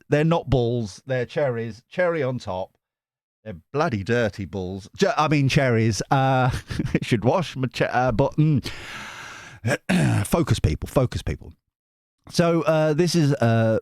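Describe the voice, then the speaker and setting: A man chats casually to his viewers as a tarot host, rambling and joking and often breaking off mid-thought. His pitch swings widely as he talks, and his voice is close and dry with no room around it. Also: darkish tone, no echo. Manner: rambling, jokey, self-interrupting. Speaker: tarot reader and channel host. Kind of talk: casual chat to camera.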